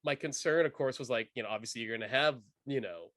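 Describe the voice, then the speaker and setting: A man co-hosting a casual film podcast, animated and enthusiastic, full of fillers and restarts. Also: medium pitch, fast, no echo. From United States. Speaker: podcast co-host.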